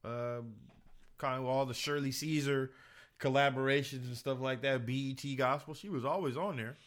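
Bright-voiced male co-host, teasing. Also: mid-range voice, fairly even intonation, moderate pace. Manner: teasing, laughing banter. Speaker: podcast co-host. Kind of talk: casual chat.

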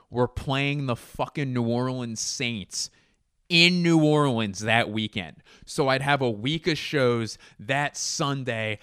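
Rambling, profane man, low smooth voice. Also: fairly bright tone, no room sound, studio quality. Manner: rambling, profane, jokey asides. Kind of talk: casual comedic monologue.

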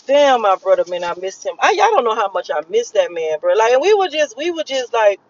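A woman's voice: a little high, big pitch swings, unhurried, lo-fi sound, slight background noise. A woman vlogging while driving home, talking to her viewers in a rambling, emotional, profane way with lots of fillers. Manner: emotional, profane, repetitive storytelling with many fillers. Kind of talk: casual rambling monologue.

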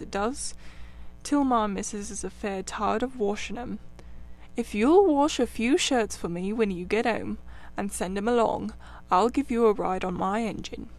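A woman voicing a burly, kindly male engine driver who talks in a folksy, reflective way in a storybook reading. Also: fairly high pitch.

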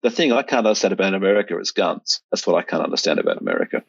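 A man's voice: low voice, lively intonation, very fast, gravelly, husky, no room sound. A middle-aged Australian man in casual conversation, rambling with restarts and fillers. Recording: dull, lo-fi sound.

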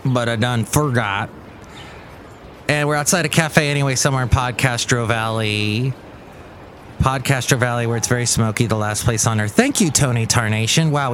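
A man's voice: mid-range voice, brisk, slight background noise. A man hosting his own podcast in a rambling, playful monologue. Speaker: podcast host. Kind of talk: casual comedic monologue.

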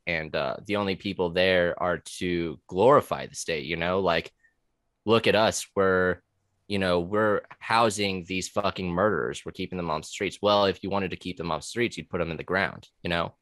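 A man's voice: low voice, steady tone, normal speed, fairly bright tone, no echo, studio quality. A man talking casually on a podcast about his time as a corrections officer. He rambles with many fillers, restarts and curse words.

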